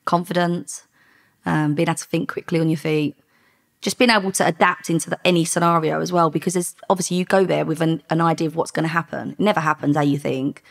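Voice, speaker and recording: A woman's voice: low voice, steady tone, fast talker, gravelly. A woman, a former undercover officer telling her story in a chatty interview, full of ums and self-corrections.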